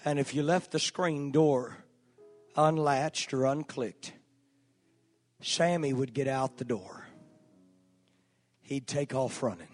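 A man preaching a sermon, telling a personal story in a folksy, earnest way with filler pauses. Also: medium pitch, a little mellow. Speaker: pastor. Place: church sanctuary. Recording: long church hall reverb, faint music.

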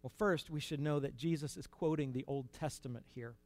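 A man preaching a sermon in an earnest, conversational way, rising to emphatic peaks and dropping to quiet asides. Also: medium pitch, fairly quick.

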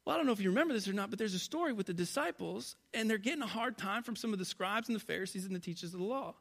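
A pastor preaching to a congregation from a church stage, swinging between loud, animated passages and hushed, quiet ones. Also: male voice, high-pitched, racing, gravelly. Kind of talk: sermon.

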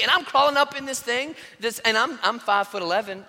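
Pastor guy preaching, high bright voice, long church echo, acts out the story. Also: fairly quick, hardly any pauses. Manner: animated storytelling with voiced quotes. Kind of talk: sermon. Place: church sanctuary.

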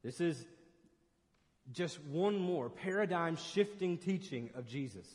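A man preaching to his congregation with earnest emphasis, repeating and restarting phrases as he builds a point. His voice sits a little higher than most men's, and a long church-hall reverb trails behind each line. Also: expressive, slow, a little mellow. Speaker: pastor. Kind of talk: sermon.

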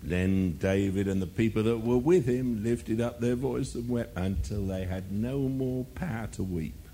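A man's voice: on the low side, unhurried, warm tone, a little hiss or hum. A male preacher delivering a sermon, firing rhetorical questions and mocking asides.

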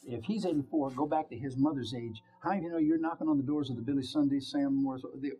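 A male preacher in full sermon flow, his mid-range voice leaping up in loud bursts and dropping to near whispers. He keeps turning to the congregation with questions. Faint music hangs quietly behind him. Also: mid-range voice, quick pace. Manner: animated storytelling, swinging from loud exclamations to hushed whispers.

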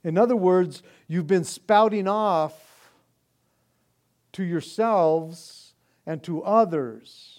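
A man preaching, reading scripture slowly and then explaining it in loose, animated everyday talk. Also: high-pitched. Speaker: pastor. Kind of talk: sermon.

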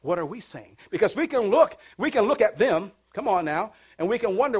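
High-voiced preacher swinging from hush to shout. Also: male voice, very animated, moderate pace, breathy edge. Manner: swings from hushed to shouting, call-and-response preaching. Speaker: pastor. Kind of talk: sermon. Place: church.

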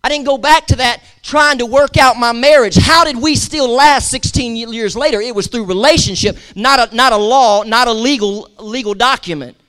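A man's voice: extremely high pitch, moderate pace, few pauses, sharp tone, smooth. A man preaching a sermon as pastor, emphatic and repetitive, with call-and-response to his congregation and casual asides. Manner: repeats words for emphasis, conversational asides.

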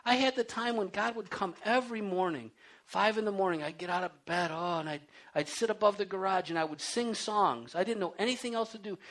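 A man preaching a sermon, telling stories from his own life with animated delivery and then reading scripture aloud and explaining it. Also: high voice, fairly quick. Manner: animated storytelling, acting out his own pleas and rising to loud cries. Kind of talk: sermon with personal testimony.

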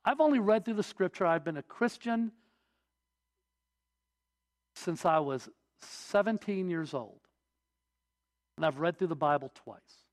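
A man in his forties preaching a sermon, telling stories and pressing his points with emphatic, preacherly build-ups. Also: on the high side. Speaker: pastor.

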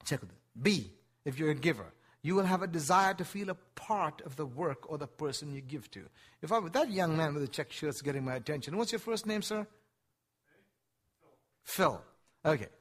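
A man preaching a sermon to a congregation, with animated delivery, acting out the voices of the people he quotes and speaking directly to his listeners. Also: fairly high pitch, moderate pace. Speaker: pastor.

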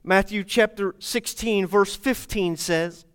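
A man's voice: sits high, takes it slowly, smooth. A man preaching a sermon as pastor, speaking to his congregation with repeated phrases and rhetorical questions. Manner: repetitive, rhetorical questions, addresses congregation directly.

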